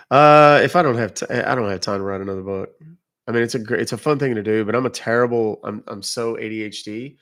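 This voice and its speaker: A man from England hosts a livestream, answering viewers in a casual, wandering chat where he keeps interrupting himself. His British-accented voice sits at medium pitch, fairly bright, and moves a little fast.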